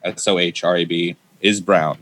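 A man who is a comedian guest, chatting casually on a podcast and telling stories in an animated way. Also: low voice, normal speed. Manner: animated storyteller, laughs as he talks.

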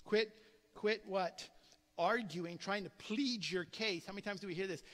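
Male pastor, high ringing voice, lively restarting delivery, long hall echo. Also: moderate pace. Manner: animated preaching with frequent word repetitions. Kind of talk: sermon. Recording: long reverb of a large hall.

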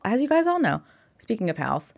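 A young adult woman co-hosting a casual podcast, enthusiastic and quick to chime in with agreement. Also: on the high side, big pitch swings, gravelly. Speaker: podcast co-host. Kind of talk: casual chat.

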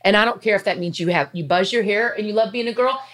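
A woman's voice: mid-range voice, fast talker, a bit bright. Earnest, emotional woman in her fifties. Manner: earnest, emotional, chatty with asides. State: near tears. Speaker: faith vlogger. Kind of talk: heartfelt casual talk to camera.

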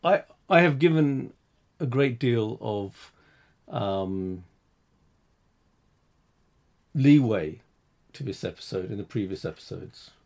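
A man co-hosting a talk show, giving halting, critical opinions with many restarts. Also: on the low side, lively intonation, gravelly, a little mellow. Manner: halting, restarts, rising when frustrated. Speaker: podcast co-host. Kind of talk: casual critical discussion.

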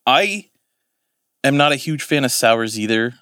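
A man's voice: mid-range voice, expressive, measured pace, sharp tone, clean tone, dry recording, studio quality. A man, co-hosting a podcast in casual chat, rambling and swearing as he corrects himself. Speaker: podcast co-host.

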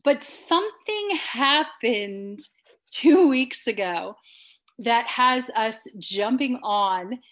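A woman's voice: a little high, lively intonation, drawn-out words, a bit bright. A woman co-hosting a podcast in casual chat, giggly and rambling, poking fun at herself. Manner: giggly, rambling, self-mocking. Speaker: podcast co-host.

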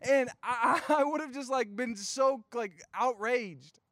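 Young male youth pastor, high voice, dry close sound, lively joking sermon. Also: takes it slowly, dry recording. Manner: animated storytelling with playful asides and slang.

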